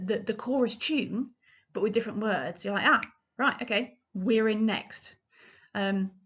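A woman's voice: mid-range voice, highs cut off. A woman giving an illustrated lecture on medieval music, explaining in a chatty way with frequent ums and restarts.

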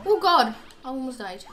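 High, lively young woman gaming. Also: unhurried. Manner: chatty, rambling, bursts into squeals and laughs. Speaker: let's play gamer. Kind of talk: casual gameplay commentary. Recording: faint game music behind.

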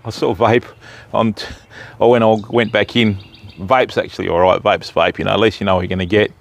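Chatty Australian fishing streamer. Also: male voice, fairly low pitch, steady tone, a little fast, vocal fry. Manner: jokey, chatty, greets viewers by name. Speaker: fishing livestream host. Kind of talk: casual live-stream chat. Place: outdoors by a river.

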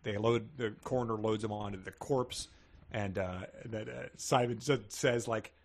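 A man's voice: fairly low pitch, normal speed. A man co-hosting a podcast in casual chat, recapping a book's plot and laughing often. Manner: chatty, laughs often, lively storytelling. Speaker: podcast co-host.

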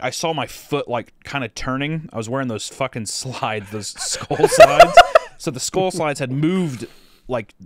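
A man's voice: mid-range voice, no echo. A man co-hosting a podcast, telling a story casually and profanely, rambling with lots of fillers. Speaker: podcast co-host.

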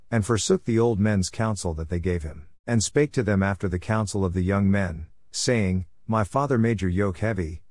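A man giving a measured, even reading of scripture in a scripted style. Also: fairly low pitch, no room sound, studio quality. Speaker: Bible reader.

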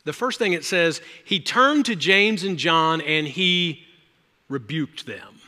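A male pastor preaching a sermon, swinging between loud, emphatic lines and hushed ones. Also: high voice, expressive, moderate pace. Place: church sanctuary. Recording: reverberant church hall.

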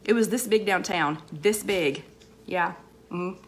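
A woman hosting a live online chat, slightly hoarse with a cold, chatting casually and rambling as she greets viewers by name between sentences, with many fillers and repeated phrases. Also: lowish voice, slow pace.

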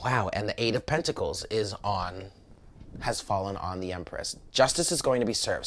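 A man's voice: lowish voice, fairly bright tone. A man with an American accent giving a casual, blunt tarot reading, cursing and exclaiming often as he talks to viewers. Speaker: tarot reader.

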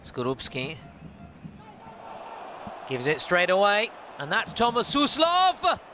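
A male commentator with a very high, ringing voice voices match highlights. He takes his time between passes, naming players one by one, then climbs into shouts when the ball goes in. Faint crowd noise sits under the call. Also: wildly swooping pitch, slow. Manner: calls play by play, rising to shouts at goals. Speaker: football commentator.

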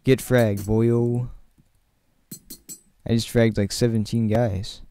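A man's voice: medium pitch, level tone, slow pace, dark tone, soft background music. A man giving casual, chatty commentary while playing, joking and laughing often and rambling straight to his viewers. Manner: rambling, talks to viewers directly. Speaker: gaming channel host.

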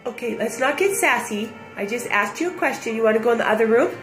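A woman's voice: fairly high pitch, animated, quick pace, echoey room, loud music behind the voice. A mother using sing-song baby talk with her infant at home, coaxing and drawn out.

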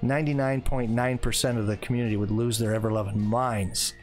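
A man in his forties talks casually through a live game stream, picking up viewer comments and riffing on them. His voice sits at an ordinary middle pitch, and soft game music plays faintly underneath. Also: flat delivery, brisk. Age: 40s. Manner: chatty, reads viewer comments aloud and reacts. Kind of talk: casual live-stream chat while playing.

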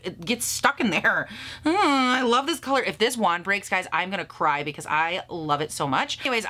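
A woman in her thirties chatting casually through a makeup review, bubbly and a little profane, laughing often and scolding herself out loud. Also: mid-range voice. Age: 30s. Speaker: beauty vlogger.

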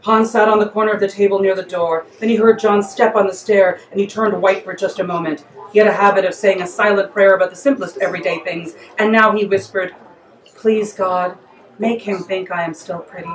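A woman author reads her comic story aloud with lively, playful energy. Her voice sits in a middle range. It is caught from a distance in a reverberant room, as at a live reading. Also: mid-range voice, fast talker, few pauses. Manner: lively, playful, breaks into laughter.

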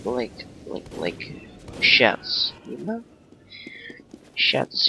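A man hams up a thick put-on Russian accent while he plays a shooter, bragging in broken English and giggling at himself. His pitch swings widely and he talks slowly. Game gunfire crackles clearly behind him. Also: huge pitch swings, sharp tone. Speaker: gamer. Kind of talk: let's play commentary. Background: shooter game sounds and gunfire.

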